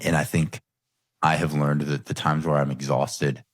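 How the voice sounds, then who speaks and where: A man's voice: very deep voice, little pitch movement, moderate pace, no echo, clean studio sound. A man hosting a coaching podcast, telling a personal story in a candid, reflective way. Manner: candid, reflective, quotes his own thoughts. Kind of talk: earnest conversational storytelling.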